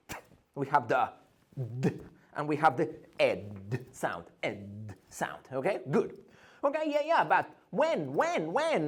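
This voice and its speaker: A male English teacher giving an energetic pronunciation lesson, theatrical and drilling sounds over and over. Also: sits high.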